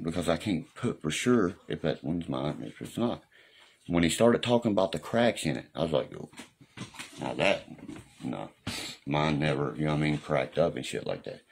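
A man's voice: very deep voice, lively intonation, normal speed, gravelly, slightly rough. A man talking casually on a live stream in a rambling, profane way, often asking if you know what he means. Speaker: livestreamer. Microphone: phone or webcam on a live stream.

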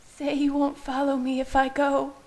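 A woman reader voicing a frightened young pregnant woman who pleads in a strained, high, tearful voice. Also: completely flat delivery, normal speed, a little mellow. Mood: desperate pleading.

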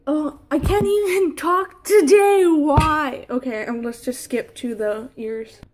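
High-pitched, slow-talking flustered young woman. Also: a little mellow. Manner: flustered, laughing at her own slip-ups. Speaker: crafting vlogger. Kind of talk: casual blooper vlog.

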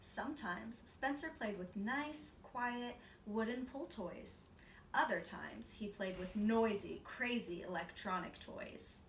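A teacher reading a children's picture book aloud in a clear, expressive storytelling voice. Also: female voice, medium pitch, slow pace. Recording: echoey room, voice from a distance, faint hiss.

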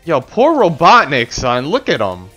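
Young dude cussing through a game playthrough, slow and lively, dull mic. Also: male voice, on the high side, soft background music. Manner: loose, profane, slangy. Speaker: gaming channel host. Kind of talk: casual gameplay commentary.

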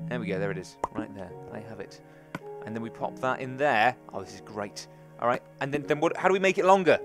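A man's voice: mid-range voice, a bit bright. A man hosting a gaming let's play, thinking aloud as he plays and chatting eagerly to his viewers. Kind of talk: gameplay commentary.

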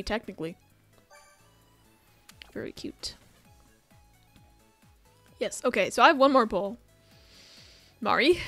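A woman doing casual commentary on her game pulls, chatty, begging for good luck and swearing when it fails. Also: fairly high pitch. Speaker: gaming YouTuber. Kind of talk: casual gacha pull commentary.

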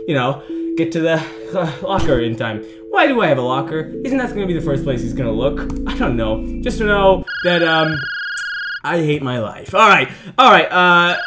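A man's voice: fairly high pitch, very animated, moderate pace, over loud music. A young man commentating a horror game playthrough, jumpy and swearing, yelping and laughing at the scares. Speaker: gaming video host.

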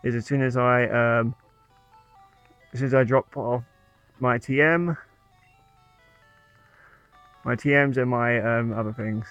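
A man's voice: mid-range voice, steady tone, slow, long pauses, fairly bright tone, smooth, dry recording, soft background music. A man giving playful, chatty commentary over a video game he is playing. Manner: playful, chatty, laughs at own jokes. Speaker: let's play gamer. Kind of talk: casual gameplay commentary. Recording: dull lo-fi sound.

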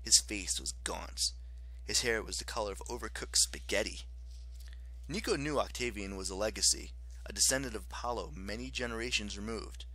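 A man narrating an audiobook in an expressive, dramatic way. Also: lowish voice, normal speed.

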